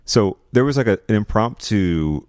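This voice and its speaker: A man's voice: on the low side, lively intonation, normal speed, a little mellow, no echo, clean studio sound. A young adult man hosting a podcast, chatting and joking dryly while recapping a reality show. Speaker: podcast host.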